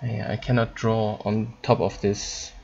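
A man teaching German in an online lesson, explaining in halting English with frequent ums and repeated words. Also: fairly low pitch, little pitch movement, vocal fry, a little mellow, muffled recording.

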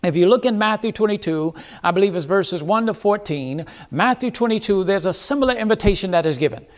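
A pastor preaching a sermon, earnest, with dramatic pauses and repeated phrases. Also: male voice, high voice, lively intonation.

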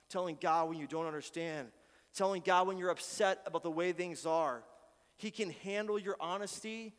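High-voiced preaching pastor in a reverberant hall. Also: male voice. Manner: earnest, shifts between quiet prayers and loud pleading. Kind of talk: sermon. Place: church sanctuary.

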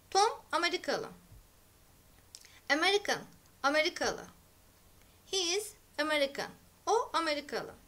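Woman teacher, high bright voice, slow deliberate vocabulary drill for kids. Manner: clear, deliberate, repeating each word for learners. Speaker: English teacher. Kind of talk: slow vocabulary drill, English word then Turkish meaning.

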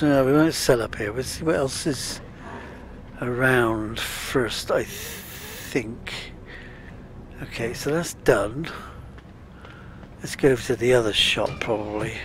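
A man talks slowly through a game, chatting and muttering to himself with a gravelly, creaky voice. A faint hum sits under his home recording. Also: medium pitch. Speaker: gaming channel host. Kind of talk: casual let's-play commentary.

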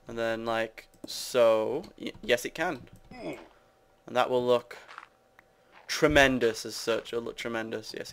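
A man's voice: mid-range voice, creaky, fairly bright tone. A young British man giving casual, rambling commentary while playing a building game, joking with his viewers. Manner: rambling, self-mocking, chatty with viewers. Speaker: gamer. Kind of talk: casual Let's Play commentary.

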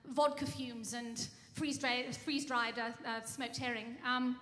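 Bright high-voiced woman in an echoing venue. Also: steady tone, measured pace. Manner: rambling, full of ums and restarts; mock-earnest tall tale. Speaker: cabaret singer and bandleader. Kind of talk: comic stage monologue. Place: live music venue. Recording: reverberant live room.

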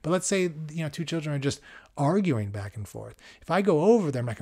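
A man, hosting a podcast in a calm, conversational, reflective monologue. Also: on the high side, fairly quick, husky. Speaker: podcast host.

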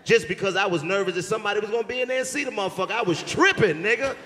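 A man's voice: sits high, very fast. A man telling a comic story on stage, acting out the people in it as he goes. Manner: animated storyteller acting out quotes. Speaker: comedian. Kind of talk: storytelling stand-up banter. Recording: live venue with long reverb.

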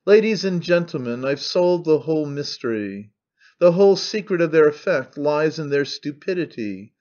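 A man voicing an excitable, pompous old male orator who declaims grandly and defiantly. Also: a little high, normal speed, highs cut off, natural voice. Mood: declaiming.

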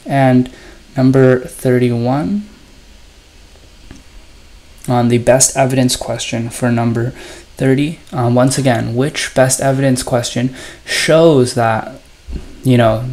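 A man's voice: mid-range voice, fairly even intonation, slow, a little mellow. Man walking through test answers, ums. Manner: explanatory, frequent ums and you-knows, reads passages aloud. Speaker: test prep tutor. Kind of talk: recorded test review lesson.

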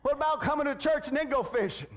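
A man's voice: extremely high pitch, fast, a bit bright. A man preaching a fervent sermon, peppering his lines with amens and repeated call-outs to the congregation. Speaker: pastor.

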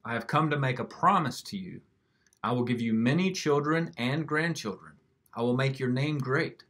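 A man voicing the calm, gentle divine voice of God in a storybook reading, measured and reassuring. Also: medium pitch. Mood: solemn.

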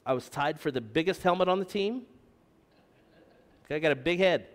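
A man's voice: fairly high pitch, animated, brisk, in a large hall. A middle-aged man preaching a sermon as pastor, with joking asides to the congregation. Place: church sanctuary.

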